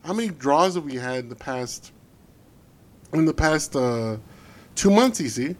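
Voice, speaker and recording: A man's voice: on the high side, animated, a little slow. A man co-hosting a casual football podcast, ranting bluntly and swearing freely about his team. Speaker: podcast co-host.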